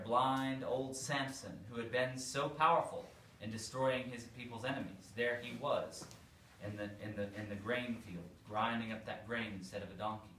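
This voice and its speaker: A man, a priest, telling a story to children in a playful, animated way. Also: medium pitch. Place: church hall. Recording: echoey room, far from mic, faint noise.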